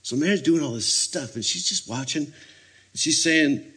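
A man preaching a sermon, telling stories with lively energy and acting out scenes. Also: on the high side, normal speed, slightly rough. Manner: animated storytelling, acting out scenes.

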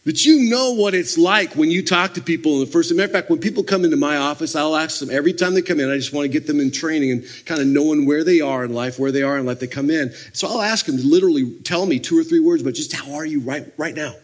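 A man preaching a sermon, telling stories with lively energy and acting out scenes. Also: on the high side, quick pace, few pauses. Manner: animated storytelling, acting out scenes.

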